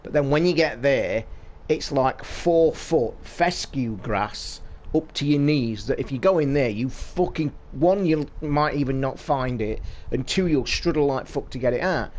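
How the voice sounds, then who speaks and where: A man's voice: medium pitch, lively intonation, measured pace, a little mellow. A British man hosting a casual livestream chat, telling a story in a blunt, sweary, opinionated way. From United Kingdom. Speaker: podcast host. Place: home streaming setup.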